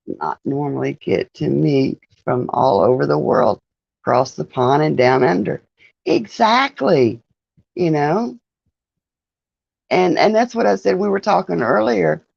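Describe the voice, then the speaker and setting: A woman's voice: deep voice, sing-song, a little slow, gravelly, long pauses, darkish tone, husky, no echo, dull audio. A woman hosting a casual livestream, chatting with viewers, greeting them by name and laughing often. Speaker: livestream host. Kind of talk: casual live-stream chat with viewers.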